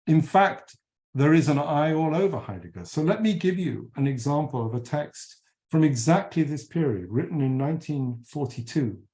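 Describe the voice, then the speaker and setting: Man, middle-aged, philosophy lecturer, warm dark tone, measured and emphatic delivery, some ums and restarts. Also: mid-range voice. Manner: measured, emphatic, with frequent fillers and self-corrections.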